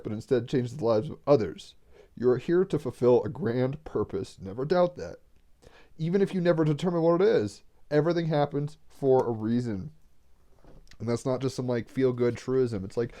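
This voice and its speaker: A man's voice: mid-range voice, mellow. A man doing a casual tarot card reading, rambling and getting emotional as he talks, swearing freely.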